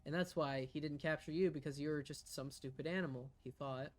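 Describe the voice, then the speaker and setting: A man's voice: on the high side, steady tone, a little fast. Hesitant man prompting a tabletop story. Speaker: fellow player or game master. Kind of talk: casual tabletop game chat.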